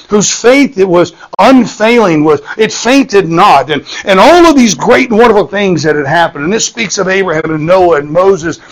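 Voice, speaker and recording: A man's voice: high-pitched, animated, normal speed, few pauses, low-quality recording. A man, preaching a sermon in a folksy storytelling manner, often repeating words and checking in with "okay?". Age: 50s.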